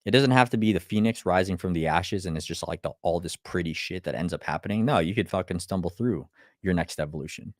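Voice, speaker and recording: A deep-voiced motivational speaker talks fast in a live, blunt, swear-filled speech, shooting out rhetorical questions and tripping over restarts when fired up. The recording is dry, with clean studio sound.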